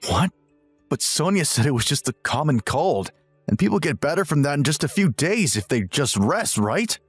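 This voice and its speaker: A man's voice: a little high, very animated, normal speed, slightly rough, no echo, soft background music, pitched above the performer's own voice. A man voicing a smug, self-righteous young husband who lectures and sneers in a dramatized text-message story. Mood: alarmed.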